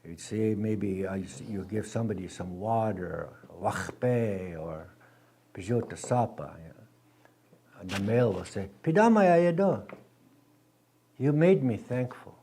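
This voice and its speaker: Slow, patient male language teacher. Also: low voice, breathy edge. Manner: patient, repeats words slowly for learners; gentle, halting, many restarts. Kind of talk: language class instruction.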